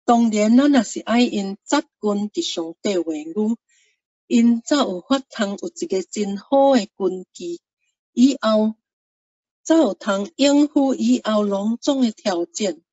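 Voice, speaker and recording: A woman giving a formal, measured address with a closing blessing to parents and grandparents. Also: medium pitch, mellow, no echo, recorded from a distance, muffled recording. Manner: measured, solemn, drawn-out.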